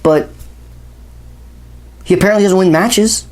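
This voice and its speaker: A man briefly mimicking a smug male wrestler in a flat, offhand tone, close to his own voice. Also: high voice, unhurried. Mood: dismissive.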